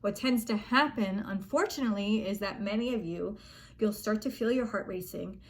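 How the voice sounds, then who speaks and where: A woman's voice: mid-range voice, normal speed. A young adult woman coaching young gymnasts, speaking casually and earnestly, reassuring them and acting out an athlete's panicked thoughts. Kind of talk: casual spoken coaching advice.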